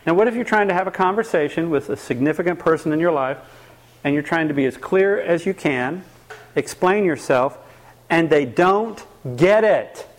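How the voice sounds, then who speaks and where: With a fairly high pitch and an ordinary speed, the workshop leader talks about anger before a live audience. He animates the session by asking the crowd questions and acting out quoted remarks.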